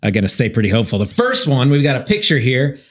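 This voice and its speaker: A man's voice: medium pitch, very animated, fast, reverberant. Easygoing, chuckling male co-host. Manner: easygoing, chuckles between phrases. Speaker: podcast co-host. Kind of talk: casual chat, reading news stories.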